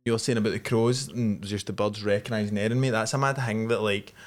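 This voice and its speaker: A man's voice: fairly low pitch, steady tone, brisk. A young Scottish man in casual podcast chat, rambling with lots of slang and fillers.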